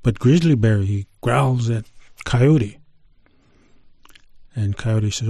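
A middle-aged man telling a traditional creation story in an unhurried, conversational way, with fillers and restarts. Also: medium pitch, mellow, no room sound, studio quality. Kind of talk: oral storytelling of a traditional tale.

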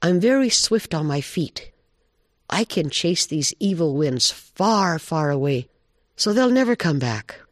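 A gentle, swift female deer eagerly offers her help, as a man puts her on. The voice rides high above his own. The recording is dry and close. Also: sing-song, unhurried, no room sound.

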